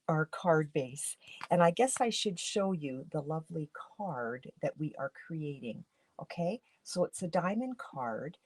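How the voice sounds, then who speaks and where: A woman's voice: sits low, animated, slow pace, a little mellow. A woman from Canada, a papercraft demonstrator, talking through a casual craft tutorial in a groggy morning voice, chatty with many fillers and restarts.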